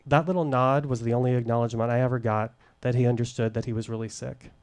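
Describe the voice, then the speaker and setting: A middle-aged man telling a candid personal story at a live showcase, deliberate and wry, into a stage microphone. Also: mid-range voice, steady tone, darkish tone. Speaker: storyteller, former case manager.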